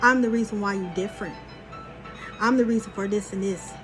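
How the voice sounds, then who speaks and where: A woman voicing an ancient female spirit mother who speaks low, quiet and knowing. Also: steady tone, a little fast, over music, natural voice. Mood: insistent.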